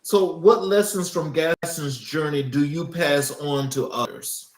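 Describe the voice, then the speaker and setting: A man hosting an interview, asking questions in a measured, formal way. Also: on the high side. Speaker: interview host. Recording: echoey room.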